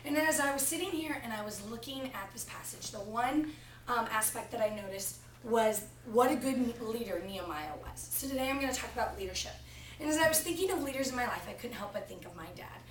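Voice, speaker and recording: A woman's voice: fairly high pitch, a little fast, slight background noise. A young woman giving a practice sermon to a class, telling a family story before turning to the text. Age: young adult. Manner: storytelling, animated retelling of family anecdote. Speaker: preaching student. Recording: echoey room from far off.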